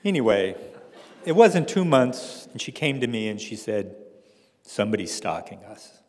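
A man's voice: mid-range voice, sing-song, normal speed, big-room sound. A man telling a personal story to an audience with wry, dry humor.

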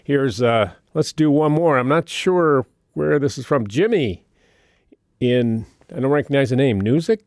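A man's voice: medium pitch, animated, unhurried, a little mellow, no room sound, clean studio sound. A man hosting a radio call-in show, friendly and conversational, laughing easily between calls.

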